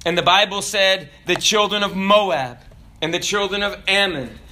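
A male pastor preaching an animated sermon, acting out voices and breaking into shouts. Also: sits high, normal speed.

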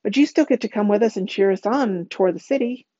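Woman voicing an excited male teacher. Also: mid-range voice, highs cut off, pitched above the performer's own voice, close to an everyday voice. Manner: excited, dramatic pauses.

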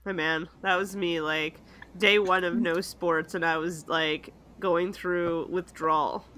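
A young woman in casual chat, talking freely and jumping in with quick asides. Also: fairly low pitch, steady tone, a bit bright. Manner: chatty, jumps in with quick asides.

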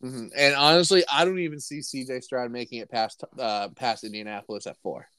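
A man's voice: medium pitch, steady tone, brisk, bright, forceful tone, clean tone, no room sound. A young man co-hosting a casual sports podcast, rambling and joking with a friend. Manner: rambling, joking, restarts and laughs. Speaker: podcast co-host.

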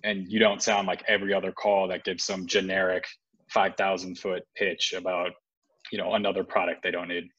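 A man giving casual sales advice on a panel in a measured, even way. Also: low voice, husky. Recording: dull lo-fi audio.

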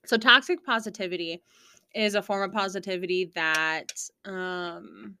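A young woman co-hosting a podcast in casual chat, giggly and animated when telling stories. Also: mid-range voice, unhurried, a little hiss or hum. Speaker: podcast co-host.

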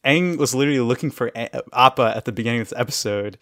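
A man's voice: mid-range voice, fast talker, fairly bright tone, no echo, studio quality. A man co-hosting a podcast, casually recapping a cartoon episode, laughing often as he retells scenes. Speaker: podcast co-host.

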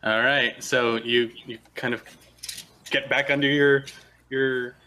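A man running a tabletop game as game master, narrating in a relaxed, halting way. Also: mid-range voice, slight background noise.

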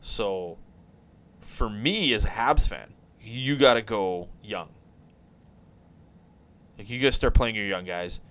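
A man hosting a podcast, talking casually about hockey in an animated, rambling way and swearing now and then. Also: fairly low pitch, slow, pauses often. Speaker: podcast host.

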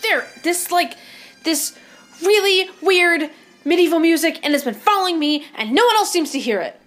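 An actress plays a flustered young wardrobe assistant with a high voice. She stumbles, rushes and apologizes. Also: expressive, fairly bright tone, soft background music.

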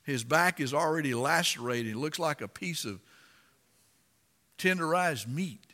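A man preaching a sermon and reading scripture aloud, impassioned and dramatic, rising to loud emphasis. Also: on the high side, expressive, measured pace, big-room sound.

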